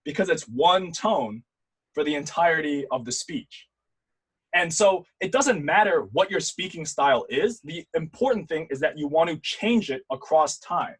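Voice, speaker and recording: A young man with a slightly raised, husky voice teaches debate over a video call. He is lively and demonstrative, shifting between loud bursts and calm, quiet stretches. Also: a little high, normal speed, rough recording. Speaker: debate instructor. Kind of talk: online workshop lecture. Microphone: computer mic on a video call.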